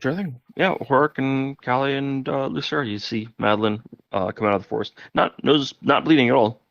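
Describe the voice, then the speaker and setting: A man's voice: medium pitch, moderate pace, creaky, no echo. A man narrating as game master in a loose, rambling way with many fillers. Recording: dry, dull lo-fi audio.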